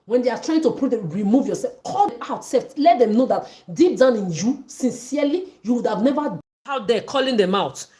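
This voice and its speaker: A woman's voice: a little high, expressive, brisk, dark tone. A woman delivering an angry, accusatory livestream rant, repeating herself as she goes. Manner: ranting, accusatory, repetitive.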